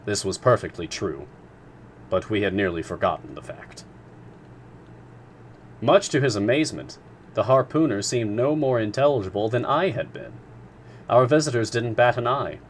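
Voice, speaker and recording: A man narrating a classic novel in a live reading, measured and expressive. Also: fairly low pitch, slight background noise. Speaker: storyteller.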